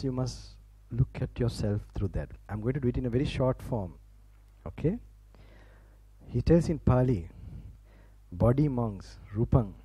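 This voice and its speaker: The recording is dry and low in quality, capturing a medium-pitched, mellow, husky male voice. He is a Sri Lankan Buddhist monk, Sinhala by first language, giving a sermon in accented English to a live audience in a campus hall. Chatting informally, he laughs often and restarts broken phrases while leading a relaxation exercise.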